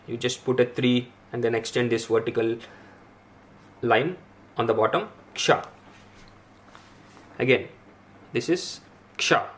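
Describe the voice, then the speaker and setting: Slow, patient male language teacher. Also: medium pitch. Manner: patient, repeats each syllable slowly, frequent "uh" pauses. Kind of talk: explaining a writing lesson.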